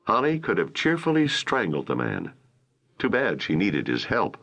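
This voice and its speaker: A man narrating a children's audiobook with expressive storytelling, on a muffled lo-fi recording. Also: fairly low pitch, moderate pace, vocal fry.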